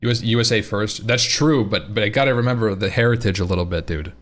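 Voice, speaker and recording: A man's voice: on the low side, quick pace. A man streaming live, chatting casually and rambling with his viewers, often repeating and restarting his words.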